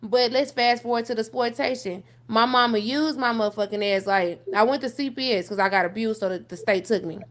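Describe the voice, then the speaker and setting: A young woman talks through her own past. She is blunt and profane. She keeps pushing the story on with "so fast forward". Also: on the high side. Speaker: guest telling her life story. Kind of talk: candid personal storytelling on a call-in show.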